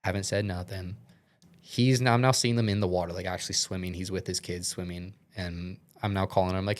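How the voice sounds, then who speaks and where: A young man with a fairly low voice talks as a podcast guest. He tells his story casually, rambling through filler words and the odd curse. He sounds earnest and shaken throughout. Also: fairly even intonation, a little fast. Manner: rambling, heavy use of filler words and swearing.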